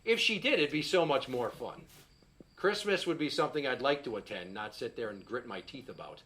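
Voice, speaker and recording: A man's voice: medium pitch, lively intonation, fairly quick, fairly bright tone. A middle-aged man doing a stand-up set, telling a profane, exasperated story and acting out the quotes. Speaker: stand-up comedian.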